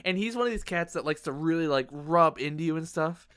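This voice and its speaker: A man's voice: fairly high pitch, fairly quick, fairly bright tone, clear, resonant tone, no echo. A man from Minnesota chatting casually on a podcast as a guest, rambling and hesitant, laughing often.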